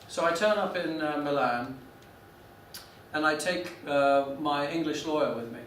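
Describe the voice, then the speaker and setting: A man's voice: a little high, fairly bright tone, far from the mic. A man lectures a class in a slightly raised voice, stopping and restarting often as he tells a story. The room is echoey and he sounds set back from the mic, with a faint hum behind him. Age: 40s. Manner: halting, many restarts and fillers.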